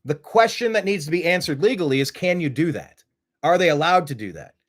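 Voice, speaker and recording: A man's voice: on the high side, very animated, fairly quick. Opinionated man hosting a live stream. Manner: rambling, rhetorical questions, emphatic. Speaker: host.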